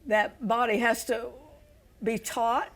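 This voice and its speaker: A woman's voice: on the high side, steady tone, slow. Emphatic woman hosting a Christian talk show. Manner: emphatic, leading questions, sympathetic asides.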